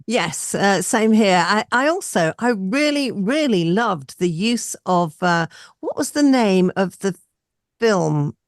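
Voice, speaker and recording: A woman hosts a casual panel chat. Her pitch swings widely and her delivery is enthusiastic. The sound is dry and close. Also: slow pace, dry recording. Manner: chatty, enthusiastic, lively. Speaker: radio show host.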